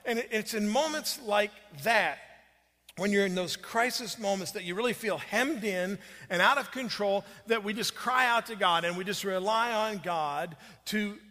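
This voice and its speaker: A man's voice: sits high, normal speed, bright, forceful tone, long reverb tail. A man preaching a sermon, telling a story in a conversational way with restarts and fillers. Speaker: pastor.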